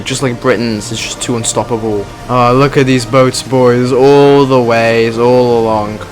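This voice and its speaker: Joking man doing gameplay commentary. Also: mid-range voice. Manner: joking, slangy, says "dude" a lot. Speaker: gaming video creator.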